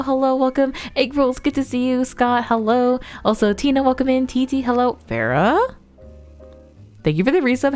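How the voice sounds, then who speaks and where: A woman's voice: fairly high pitch, darkish tone. A woman streamer chatting playfully while playing a game, giggling and gasping often and greeting her viewers. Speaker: variety streamer. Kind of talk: casual live-stream gameplay chat.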